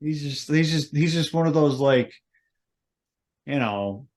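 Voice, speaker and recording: A man's voice: on the high side, animated, unhurried, darkish tone. A man co-hosting a podcast in casual chat, rambling and hesitant, filling gaps with "like". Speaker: podcast co-host.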